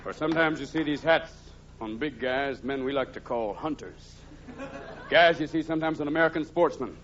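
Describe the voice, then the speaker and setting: A man performing high-energy stand-up comedy, switching between impressions and shouted bits. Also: normal speed, heavy background noise. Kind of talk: stand-up comedy with rapid character voices. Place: large live theater with audience. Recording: dull live 1983 recording with loud crowd.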